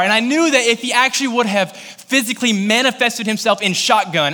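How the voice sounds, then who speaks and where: A man's voice: high-pitched, fast, few pauses, pushed and bright, big-room sound. A man from Kentucky preaching a sermon in a casual, conversational way, growing intense and pleading in prayerful passages. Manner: conversational, filler-heavy storytelling. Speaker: pastor.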